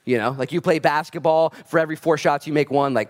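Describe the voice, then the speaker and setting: A pastor delivers a relaxed, talky sermon with a fairly high-pitched male voice. He keeps it lively, slipping in jokes and acting out quick little voices of the people he describes. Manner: animated, acts out quoted voices, joking asides. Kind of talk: conversational sermon.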